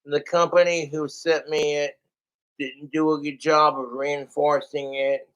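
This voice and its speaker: A man's voice: a little high, level tone, unhurried, fairly bright tone, clear, resonant tone. A young man livestreaming from home, rambling and swearing in a frustrated, casual monologue. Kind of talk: casual live-stream monologue.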